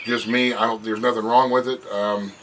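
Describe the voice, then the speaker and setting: A man's voice: lowish voice, flat delivery, moderate pace, fairly bright tone, recorded from a distance. Rambling middle-aged man on a porch. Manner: rambling, folksy, laughs often. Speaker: vlogger. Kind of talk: casual chat. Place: front porch, outdoors. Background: birds and passing traffic.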